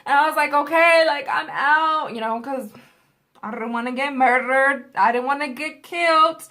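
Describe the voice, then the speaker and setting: A woman's voice: high voice, moderate pace, bright, forceful tone. A young adult woman vlogger telling a story in a casual, rambling, profane way.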